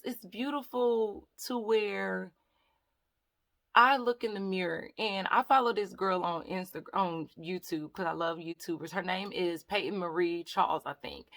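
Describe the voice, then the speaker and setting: A woman's voice: medium pitch, a bit bright. A woman vlogger chatting to her viewers in a casual, rambling storytime, often calling them y'all. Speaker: hair vlogger.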